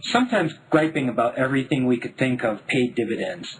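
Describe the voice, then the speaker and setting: Husky man reading a wry memoir. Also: mid-range voice, a little fast, rough recording. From Denver, United States. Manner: wry, deadpan humor. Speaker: memoir author. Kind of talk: memoir narration.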